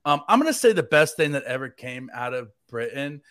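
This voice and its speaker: Bright, rambling, jokey American man. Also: medium pitch, big pitch swings, brisk, no echo, studio quality. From United States. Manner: rambling and jokey, heavy use of "like". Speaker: fill-in podcast host. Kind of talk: casual sports podcast chat.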